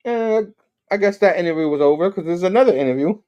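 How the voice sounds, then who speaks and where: A man's voice: high-pitched, lively intonation, fast, dark tone, clean tone. A male host casually recapping a comic book, chuckling as he tells the story.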